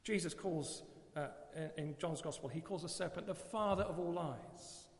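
An earnest male preacher delivers a sermon and checks in with the congregation through rhetorical questions. His voice sits fairly high. It rings out in a live church with a long hall echo. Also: normal speed.

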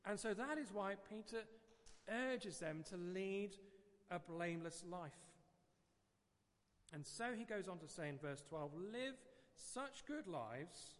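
Middle-aged English man preaching, high voice, chatty and digressive, long church reverb. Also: unhurried, pauses often. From England. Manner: conversational, digressive, repeats words. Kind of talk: sermon.

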